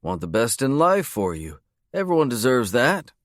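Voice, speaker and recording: A man's voice: medium pitch, sing-song, normal speed, fairly bright tone, dry recording, clean studio sound, pitched above the performer's own voice. A man voicing a cocky, amused young father teasing his brother. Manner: amused, smug.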